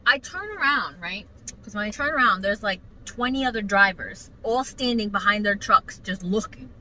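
Bright-voiced, animated young woman. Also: fairly high pitch, moderate pace, rough recording. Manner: animated, profane, emphatic storytelling. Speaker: vlogger. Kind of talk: casual storytelling to her mother.

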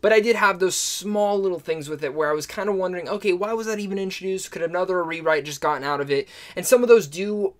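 A man's voice: high voice, quick pace, few pauses. A man giving a casual spoken film review, enthusiastic and gushing in his praise. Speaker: movie reviewer.

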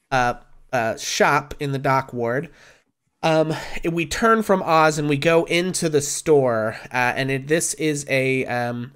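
Smooth-voiced male game master. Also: on the high side, a bit bright. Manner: descriptive, many fillers. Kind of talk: narrating a tabletop game.

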